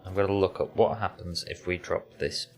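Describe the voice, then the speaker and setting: A man's voice: low voice, little pitch movement, normal speed, gravelly. A man, casually chatting to viewers while playing a game, dry and offhand. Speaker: gaming streamer.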